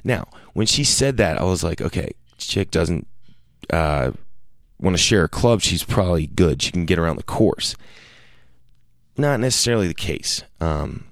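Low-voiced man telling a rambling story. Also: lively intonation, moderate pace, gravelly, no room sound, studio quality. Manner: rambling, many fillers and restarts; quotes people in raised voices. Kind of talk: casual storytelling.

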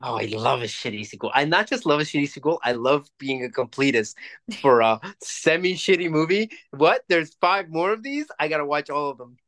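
A man co-hosting a podcast, chatting casually, swearing freely and ranting in quick bursts. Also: fairly high pitch, expressive, fairly bright tone. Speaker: podcast co-host. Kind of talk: casual chat.

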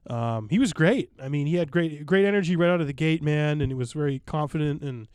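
Male co-host, casual storyteller, slightly high pitch, dry close sound. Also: a little fast, darkish tone, smooth, no room sound. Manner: enthusiastic, rambling with many fillers. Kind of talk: casual chat.

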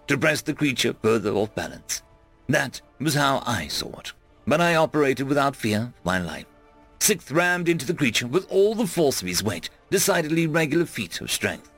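A man narrating a first-person action story in a dramatic, lively way. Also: mid-range voice. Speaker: audiobook narrator.

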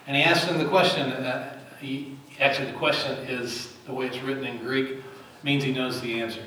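A man's voice: mid-range voice, fairly even intonation, normal speed, sharp tone, a little hiss or hum. A man preaching a sermon in a church sanctuary, talking conversationally and asking the congregation questions. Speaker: pastor. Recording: very echoey, distant mic.

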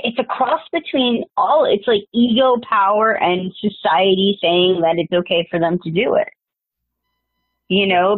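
A woman's voice: medium pitch, no room sound. A woman guest talking bluntly and with plenty of swearing in a casual interview, telling stories from her time in wrestling. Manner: blunt, profane, fired-up storytelling. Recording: dry phone-like remote call audio.

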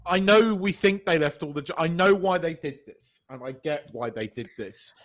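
Lively high-voiced man chatting. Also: normal speed. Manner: animated, emphatic, swears casually. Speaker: podcast co-host. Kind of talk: casual chat.

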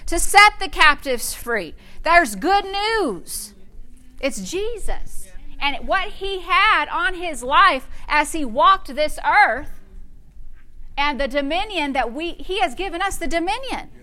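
A woman pastor preaches with fervent conviction, her voice high and bright. She drives her points home to the congregation and answers herself with praise. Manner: fervent preaching with call-and-response interjections. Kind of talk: sermon.

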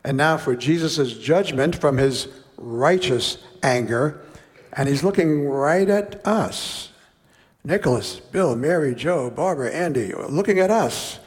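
A man's voice: a little high, lively intonation, unhurried, long reverb tail. A man preaching a sermon, reading a parable aloud and breaking off for conversational, wry asides.

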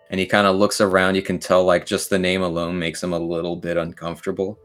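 A man runs a tabletop game with a casual, rambling narration. His voice is very low and relaxed, with faint music underneath. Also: fast talker, few pauses. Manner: casual, filler-heavy, laughing narration. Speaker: game master.

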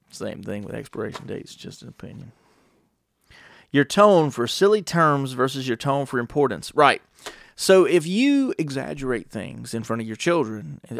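A gravelly-voiced man holds forth in a loose, rambling monologue. He swears freely and keeps firing rhetorical questions at the listener. The sound is close and dry, with no room echo. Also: medium pitch, normal speed, a bit bright. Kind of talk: casual monologue.

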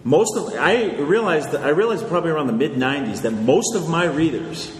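A man's voice: fairly high pitch, animated, fairly quick. Man lecturing in an echoey hall. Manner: conversational, lecturing, checks in with "okay?". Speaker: author answering audience questions. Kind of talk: live Q&A talk. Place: large hall with audience. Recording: echoey hall, faint noise.

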